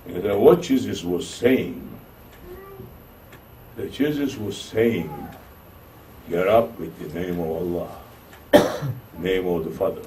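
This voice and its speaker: Slow and given to long pauses, this Turkish-accented Sufi shaykh animates a sermon story by performing its characters' quoted voices in a rising pitch. Faint room ambience and slight background noise are audible, as the mic sits at a distance.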